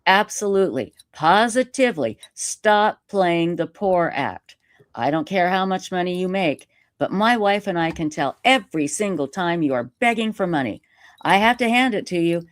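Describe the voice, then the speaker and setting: A woman live streamer telling a story in casual interview chat, animated and self-mocking, laughing often. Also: fairly low pitch, a little fast, no room sound, clean studio sound. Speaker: YouTube live streamer reading a letter.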